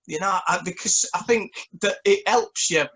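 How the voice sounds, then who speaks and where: A man's voice: high-pitched, normal speed, fairly bright tone, poor audio. A man, a songwriter guest in a casual interview, who stammers and repeats words as he talks.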